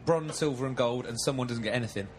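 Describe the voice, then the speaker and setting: A man's voice: mid-range voice, quick pace, a little hiss or hum. A man hosting a casual podcast, playful and jokingly boastful. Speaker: podcast co-host. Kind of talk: casual chat. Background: faint music.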